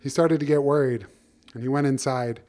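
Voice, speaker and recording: A man's voice: medium pitch, fairly even intonation, brisk, darkish tone. Playful man telling a bedtime story. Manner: playful, slips into silly voices for each character.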